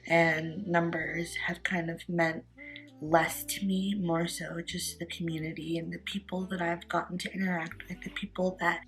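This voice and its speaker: Woman, twenties, vlogger, groggy morning voice, rambling, lower pitch, faint music behind. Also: little pitch movement, normal speed. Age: 20s. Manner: chatty and candid, rambling with fillers. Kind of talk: casual talk to camera.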